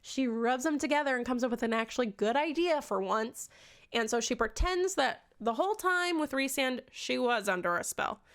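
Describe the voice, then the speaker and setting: A woman giving an animated, sarcastic book recap in a casual vlog, swearing often. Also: high-pitched, normal speed. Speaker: book reviewer.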